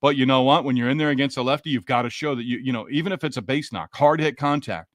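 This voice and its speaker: A man's voice: medium pitch, fast, no room sound. A man hosting a casual post-game sports podcast, chatting and greeting listeners by name as he reads their comments. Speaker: podcast host. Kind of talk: casual post-game sports talk reading live chat.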